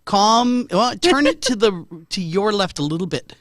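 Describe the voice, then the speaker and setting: A man's voice: sits high, sing-song, unhurried, a bit bright, dry recording, clean studio sound. A middle-aged Canadian man with a Canadian accent, hosting a casual live talk show in a jokey, chatty way and greeting viewers. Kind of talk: casual live-stream chat.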